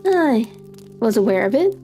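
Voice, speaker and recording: A woman's voice: a little high, very animated, unhurried, dark tone, faint music behind. A woman voicing a cool, dry-witted male detective in a live story reading.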